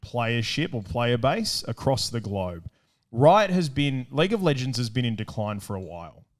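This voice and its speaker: A man's voice: medium pitch, very animated, moderate pace. An Australian man co-hosting a gaming show, chatting enthusiastically and rambling with plenty of fillers. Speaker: show co-host. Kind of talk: casual chat.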